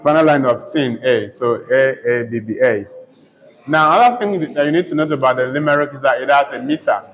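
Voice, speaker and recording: A man's voice: medium pitch, fairly quick, fairly bright tone, poor audio. A man teaching a poetry lesson, repeating each term several times and spelling words out letter by letter. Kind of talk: slow poetry lesson with dictation.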